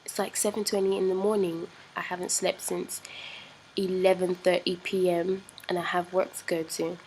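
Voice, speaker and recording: A woman's voice: on the low side, level tone, normal speed, a little mellow, slight background noise, poor audio. A young Nigerian woman with a Nigerian accent, chatting casually and rambling to her viewers. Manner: chatty, rambling, laughs easily. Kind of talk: casual vlog chat.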